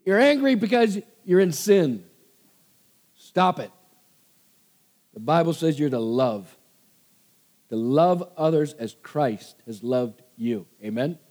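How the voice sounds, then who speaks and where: A man preaching a sermon with a high, bright-toned voice that swoops up and down with great animation. He drives his points home by repeating short commands and calling out for amens from the congregation. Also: big pitch swings, takes it slowly, pauses often. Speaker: pastor.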